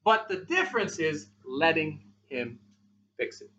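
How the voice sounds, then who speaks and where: A male pastor preaching a sermon in an emphatic, repetitive style, swinging between loud and soft. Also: a little high, big pitch swings, unhurried, dull audio.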